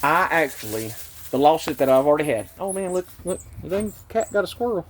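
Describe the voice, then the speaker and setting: Guy venting outside about a traffic stop, keeps repeating himself, kinda high-pitched. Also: sing-song, brisk. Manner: agitated, indignant, repeats himself. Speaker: vlogger recounting a police stop. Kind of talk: angry personal vlog.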